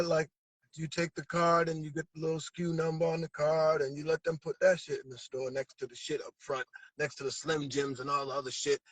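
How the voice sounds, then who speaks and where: A man's voice: a little high, a bit bright, dry recording, low-quality recording. A man from Massachusetts, a guest in a casual interview, talking animatedly in profane street slang. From Brockton, Massachusetts. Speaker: guest musician.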